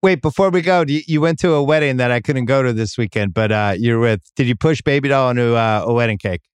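A man's voice: medium pitch, fast, smooth, no room sound, studio quality. A middle-aged man hosting a podcast, telling a wry, self-mocking family story in casual chat. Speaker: podcast host.

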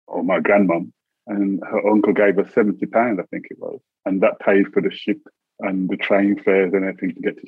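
Husky-voiced man telling stories over a tinny line. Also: on the low side, no room sound. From England. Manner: chuckles often, acts out voices in his stories. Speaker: interview guest, poet. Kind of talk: relaxed storytelling in an interview.

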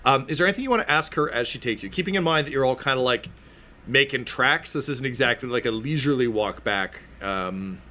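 A man's voice: medium pitch, lively intonation, brisk, pushed and bright. A man narrating a tabletop game as game master, casual and rambling.

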